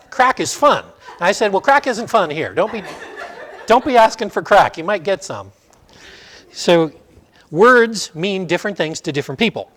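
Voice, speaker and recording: A man's voice: high voice, fairly bright tone. A middle-aged man teaching a Sunday school class, asking the class questions and telling stories. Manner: storytelling, asks the class questions.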